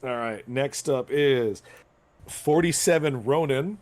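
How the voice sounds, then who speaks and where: A man's voice: mid-range voice, slow pace, darkish tone. A man in his thirties hosting a casual podcast chat, blunt, swearing and laughing often. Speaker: podcast host.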